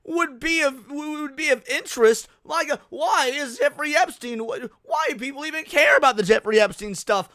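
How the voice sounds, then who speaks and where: Male livestream host, heated sweary reaction commentary, high, clean dry voice. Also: sharp tone, dry recording. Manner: profane, heated ranting.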